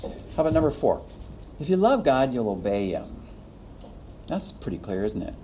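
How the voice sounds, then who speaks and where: A man lecturing a class, his pitch rising and falling in a lively way. His voice is mellow and warm. He chuckles often and acts out little quotes, with a faint room hum behind him. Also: normal speed. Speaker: preaching instructor.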